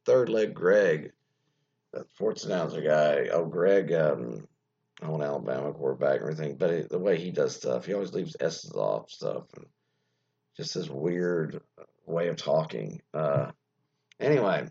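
A man's voice: extremely low pitch, expressive, normal speed, vocal fry, a little mellow, breathy edge, muffled recording. A man hosting an internet radio show, reading an article aloud and rambling through asides with plenty of fillers. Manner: rambling, many fillers and asides, muttered side remarks. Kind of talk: casual solo commentary reading an article aloud.

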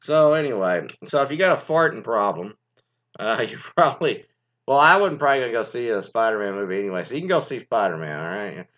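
A man's voice: mid-range voice, animated, fast talker, fairly bright tone, highs cut off. A man ranting casually in a commentary show, profane and rambling, telling exasperated stories. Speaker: commentary host.

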